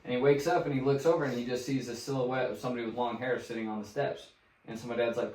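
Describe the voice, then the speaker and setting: A young man chats loosely on a podcast, full of fillers and casual swearing. His pitch is average. He sits back from the mic, so the room echo comes through. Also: quick pace. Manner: relaxed, swears freely, many fillers. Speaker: podcast co-host. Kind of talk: casual chat, storytelling. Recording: roomy sound, distant from the mic.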